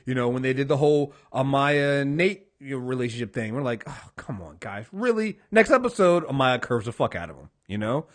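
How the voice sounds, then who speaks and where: Animated man recapping a TV episode. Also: medium pitch, a little fast, few pauses. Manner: animated, acts out characters' lines, swears freely. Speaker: podcast co-host. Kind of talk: casual TV recap discussion.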